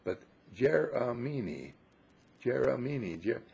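A man's voice: mid-range voice, sing-song, slow, vocal fry, darkish tone, husky. An older man giving an effusive, affectionate inspirational talk to a gathering, his voice swooping up on emphasis. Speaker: spiritual speaker.

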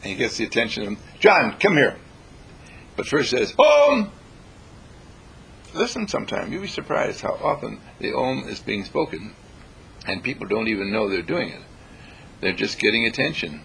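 A man gives a spiritual lecture with a lively, swinging pitch and acts out his examples along the way. His voice is gravelly and creaky, with a mid-range pitch. A faint hiss runs under the recording. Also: brisk. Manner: animated, acts out examples and vocalizes chants.

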